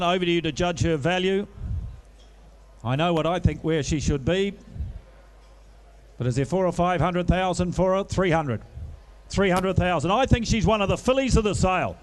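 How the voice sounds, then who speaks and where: A man working as an auctioneer, calling a live sale with a rapid-fire bid chant broken by coaxing sales patter. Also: fairly high pitch, clear, resonant tone.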